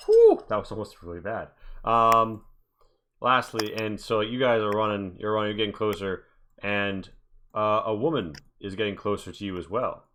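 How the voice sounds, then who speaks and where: A man with a fairly low voice narrates a tabletop game as game master, wandering through his descriptions with plenty of ums and asides. A faint hiss of noise sits under the recording. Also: fairly even intonation, moderate pace, a bit bright. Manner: rambling, joking, many fillers.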